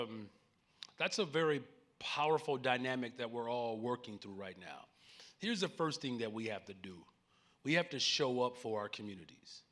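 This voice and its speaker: A man's voice: medium pitch, a bit bright. Earnest Chicago man on a stage. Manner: earnest, preacherly, joking with the audience. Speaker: mayor speaking on a panel. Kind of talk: conference stage conversation. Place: conference main stage before a live audience.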